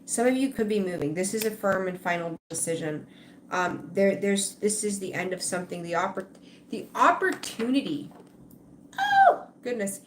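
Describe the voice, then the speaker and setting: A woman's voice: medium pitch, wildly swooping pitch, normal speed, slight background noise. A woman giving a live-streamed tarot reading, rambling conversationally and talking straight to her viewers. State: tired, yawning. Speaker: tarot reader.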